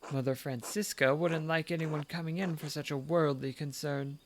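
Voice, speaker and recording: A man's voice: on the high side, steady tone, moderate pace, background noise, lightly acted. A man voicing a kindly, sly elderly nun in a put-on British accent with a little cockney in it, as he reads game dialogue aloud.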